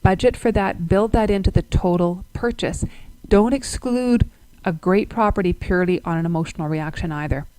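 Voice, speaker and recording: A woman's voice: fairly low pitch, moderate pace, dark tone, no room sound, low-quality recording. A woman presenting a webinar as a real estate agent. She is upbeat, explains through examples and asks her listeners questions.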